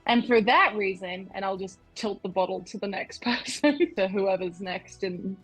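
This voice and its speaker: A woman's voice: medium pitch, normal speed, a bit bright, husky, soft background music, rough recording. A woman playing a tabletop game, speaking in character in a curt, sarcastic way. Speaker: player.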